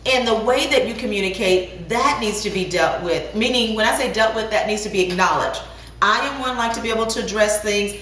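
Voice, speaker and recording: A woman co-hosting a casual talk about marriage, speaking in an animated, emphatic way and cutting in playfully. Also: medium pitch, a little fast. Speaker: co-host. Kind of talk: casual chat. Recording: echoey room, far from mic, faint noise.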